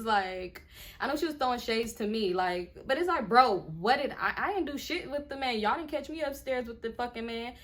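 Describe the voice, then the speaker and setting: Animated, indignant young woman vlogger. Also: fairly high pitch, moderate pace. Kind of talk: casual storytime.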